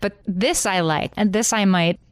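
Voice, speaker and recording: A woman's voice: mid-range voice, normal speed, clear, resonant tone, no room sound, studio quality. A woman co-hosting a podcast, chatting playfully and laughing often. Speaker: podcast co-host. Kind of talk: casual chat.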